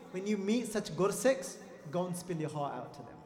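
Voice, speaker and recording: High and sing-song at a moderate pace, a Sikh preacher's voice fills an echoey hall with faint music. He gives a fervent sermon, emphatically repeating lines and calling out to the gathered crowd.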